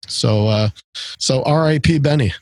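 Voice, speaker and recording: Middle-aged guy rambling about records, gravelly, dry close sound. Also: medium pitch, measured pace, a little mellow, dry recording. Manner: rambling, many fillers and restarts. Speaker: podcast co-host. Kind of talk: casual music chat.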